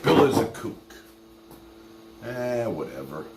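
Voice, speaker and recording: Animated male livestream host. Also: mid-range voice, slow pace, echoey room, slight background noise. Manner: animated, talks straight to his chat. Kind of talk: casual livestream chat.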